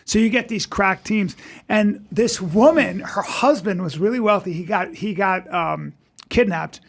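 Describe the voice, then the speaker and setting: A comedian guest on a podcast, a man telling rambling, animated stories in casual chat. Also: high voice, unhurried, creaky.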